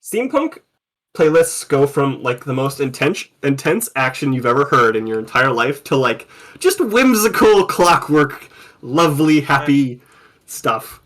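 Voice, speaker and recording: A man's voice: medium pitch, very animated, a little slow, fairly bright tone. A man running a tabletop game as game master, talking casually in rambling sentences with many restarts and the odd swear.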